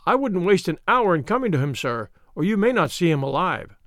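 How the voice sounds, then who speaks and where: A man's voice: high voice, big pitch swings, brisk, fairly bright tone, dry recording, studio quality. A man doing an anxious, pleading old housekeeper. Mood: urgent. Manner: urgent, pleading. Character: anxious devoted older female housekeeper.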